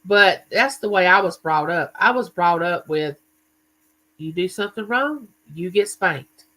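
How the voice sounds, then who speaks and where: A man's voice: sits high, expressive, measured pace, sharp tone, poor audio. A man hosting a casual live chat stream, telling stories and greeting viewers by name. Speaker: livestream host.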